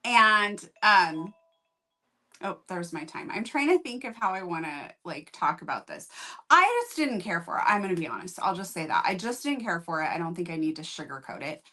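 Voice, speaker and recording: A woman talks through her recent reads in a loose, rambling way, honest about what she didn't like. Her voice sits on the low side. It is relaxed, unscripted chat between co-hosts. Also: normal speed. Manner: chatty, rambling, candid. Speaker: book review host. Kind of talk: casual chat.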